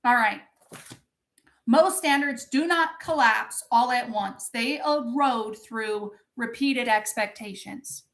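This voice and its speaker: A woman's voice: fairly high pitch, slow pace, fairly bright tone. A woman coaching her viewers in a live-streamed pep talk, intense and full of swearing, stopping to answer the chat. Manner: intense, profane, impassioned. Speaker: motivational coach.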